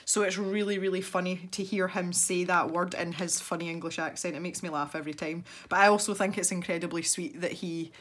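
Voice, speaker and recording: A woman's voice: on the low side, fairly even intonation, a little fast, few pauses, fairly bright tone. A Scottish woman chatting casually as she paints, thinking aloud and wandering into rambling asides. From Scotland. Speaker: art channel host. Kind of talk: casual chat while painting.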